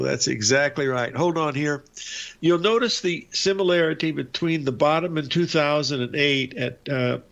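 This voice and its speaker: Older male host, gravelly and folksy, meandering live commentary over dull audio. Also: mid-range voice, fairly bright tone. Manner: rambling, folksy, many fillers and restarts. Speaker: trading show host.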